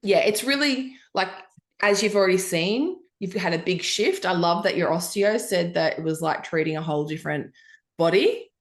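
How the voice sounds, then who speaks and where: Encouraging woman coach, low voice. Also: moderate pace. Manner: upbeat and encouraging, lots of "like" fillers. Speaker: business coach. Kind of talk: one-on-one coaching call.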